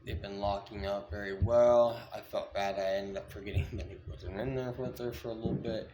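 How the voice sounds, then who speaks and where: A man breeding pythons, talking casually with many fillers and restarts, cooing softly to his snakes in between. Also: on the low side, fairly even intonation, a little fast, echoey room, slight background noise. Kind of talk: casual vlog.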